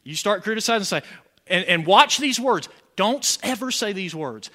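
A pastor with a high-pitched, sharp voice preaches a sermon at a moderate pace. He's animated, asking the congregation call-and-response questions and building with rising emphasis to emphatic points.

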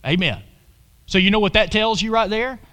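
A man preaching an animated sermon who keeps asking his listeners questions and calling out "Amen?". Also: high voice, normal speed.

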